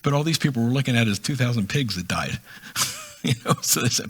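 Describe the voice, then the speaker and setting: A man's voice: medium pitch, lively intonation, fast, fairly bright tone, breathy edge. A middle-aged man teaching from the Bible in a casual, conversational way, reading verses and then explaining them with asides. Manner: reads scripture then explains it in a chatty way, acting out voices with laughs. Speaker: preacher.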